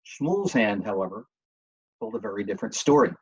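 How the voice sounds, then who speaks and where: Husky male storyteller. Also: lowish voice, sing-song, moderate pace, darkish tone, lo-fi sound. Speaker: reader. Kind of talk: audiobook reading.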